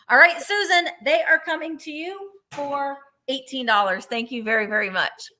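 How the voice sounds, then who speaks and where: A woman running a live vintage sale, chatting warmly about each item and counting down bids. Her voice sits a little high and rings bright and forward. She gushes readily and talks in loose, rambling sentences. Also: moderate pace, hardly any pauses. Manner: chatty, gushing over items, counts down bids. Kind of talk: live online sales chat.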